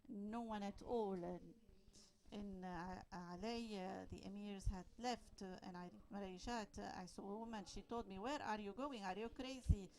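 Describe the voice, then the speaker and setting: A woman on a panel retelling a train driver's account in the first person, halting with many fillers. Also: medium pitch, darkish tone, low-quality recording. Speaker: panel speaker.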